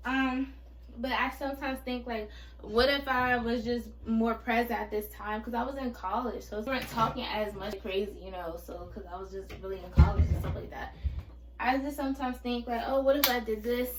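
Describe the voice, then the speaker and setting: A woman in her twenties, a vlogger, tells a personal story candidly to camera with lots of fillers and restarts. Her voice is a little high, fairly even in intonation and moderate in pace. She sits back from the mic in an echoey room, with faint ambient noise behind her.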